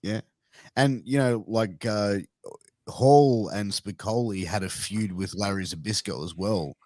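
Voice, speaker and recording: A man's voice: lowish voice, takes it slowly, a little mellow, no room sound. A man co-hosting a casual podcast, loose and chatty, swearing and searching for words as he goes. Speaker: podcast co-host.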